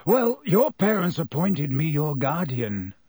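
A male reader puts on a croaky, gaunt escaped convict with a raised, strained voice. He speaks in halting, earnest bursts for an audiobook. The sound is close and dry. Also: on the high side, very animated, a little mellow, no echo, heavily acted. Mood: earnest hesitant. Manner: halting, earnest, then urgent. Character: gaunt hoarse escaped convict godfather, man.

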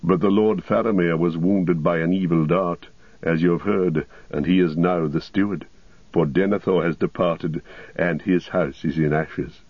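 A man's voice: sits low, normal speed, no room sound. A man as a stern old wizard. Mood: grave. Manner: calm, authoritative. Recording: dull lo-fi recording.

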